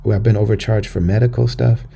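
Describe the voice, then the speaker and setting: An American man talks through a personal story on his podcast, earnest and conversational, circling back over his words. His voice is low, dark and mellow, with a heavy gravelly fry. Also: little pitch movement, quick pace. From United States. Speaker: podcast host. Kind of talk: personal monologue.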